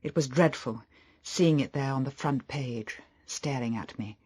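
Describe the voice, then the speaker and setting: A man reading a novel aloud as audiobook narration, steady and even. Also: medium pitch, measured pace, husky. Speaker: audiobook reader. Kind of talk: scripted narration.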